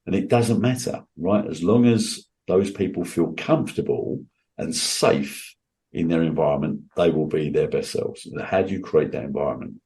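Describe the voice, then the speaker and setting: A man speaking as an interview guest, earnest and emphatic. He has a low voice with a dark, mellow tone and often restarts his sentences as he pushes his point. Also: moderate pace. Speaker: guest entrepreneur.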